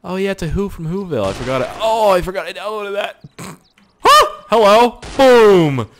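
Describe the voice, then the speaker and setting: A man's voice: high voice, fast. A young man from Canada giving crude, joking gameplay commentary with lots of swearing. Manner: crude, joking, swears a lot, lively outbursts. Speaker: gaming YouTuber.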